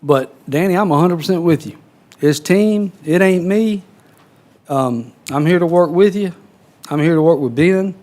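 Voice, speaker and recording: A man's voice: on the high side, normal speed, a little mellow. A man, a county council member telling a blunt, folksy story in a meeting.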